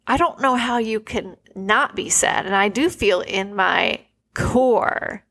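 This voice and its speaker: This podcast host is a woman in her forties with a medium-pitched, slow, slightly bright voice. She shares personal stories conversationally, earnest and emotional, saying "like" constantly.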